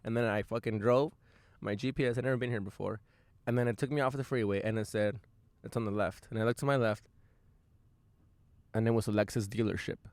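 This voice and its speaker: A young man hosting his own podcast from inside his van, telling a rambling story in a loose, profane and self-amused way, with quick bursts of excitement. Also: fairly low pitch, dry recording. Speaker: podcast host. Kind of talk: casual storytelling monologue.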